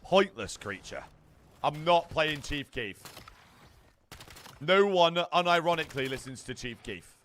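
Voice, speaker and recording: A brash young British man hosts a live watch party, trading foul-mouthed banter with chat. His voice sits a touch high and comes across bright and forceful, with faint game gunfire in the background. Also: lively intonation, moderate pace, slight background noise. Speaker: streamer hosting a watch party. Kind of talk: casual live-stream chat with viewers.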